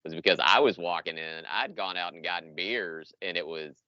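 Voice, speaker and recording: A man's voice: deep voice, normal speed, no room sound. A man who is a plastic surgeon, a podcast guest telling a story enthusiastically. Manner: enthusiastic, voice climbs when excited. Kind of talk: casual storytelling. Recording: dull dry lo-fi audio.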